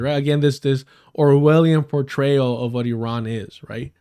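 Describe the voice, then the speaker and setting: A man's voice: medium pitch, steady tone, normal speed, hardly any pauses, dark tone, clean tone. A man hosting a livestream, giving heated and sarcastic political commentary with frequent swearing. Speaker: livestream host.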